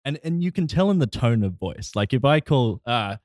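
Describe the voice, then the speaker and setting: An Australian man guesting on a podcast, relaxed and joking as he chats. His voice sits at a middle pitch and sounds dry and close. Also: moderate pace, no echo. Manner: easygoing, joking. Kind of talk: casual chat.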